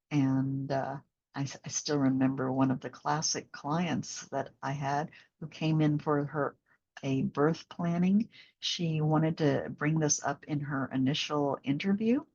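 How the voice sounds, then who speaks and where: Low, gravelly-voiced woman speaking slowly. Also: muffled recording. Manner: gentle, reflective, with many fillers. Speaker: postpartum doula and bodywork instructor. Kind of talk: conversational interview.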